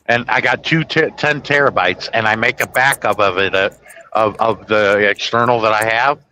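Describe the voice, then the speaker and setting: A man's voice: lowish voice, moderate pace, crowd noise, rough recording. A man hosting a casual chat, retelling movie scenes in a rambling, self-correcting way. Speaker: host. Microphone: podcast microphone.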